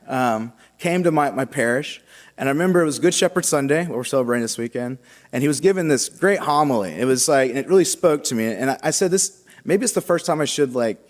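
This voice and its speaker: A young man speaks to a congregation about his own path, his talk loose and halting, full of fillers and restarts. His middle-pitched voice carries a long reverb from a large church. It sounds like a personal testimony given from the front of the nave. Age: young adult. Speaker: seminarian giving a vocation talk.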